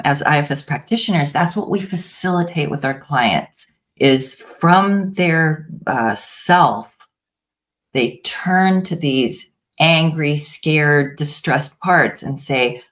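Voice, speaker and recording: A woman guest, a practitioner of parts therapy, explaining her approach gently with frequent pauses and restarts in an interview. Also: deep voice.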